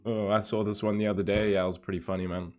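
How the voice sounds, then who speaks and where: A man's voice: fairly low pitch, flat delivery, racing, slight background noise. A man livestreaming in a casual, laid-back way, greeting viewers by name and reading chat aloud.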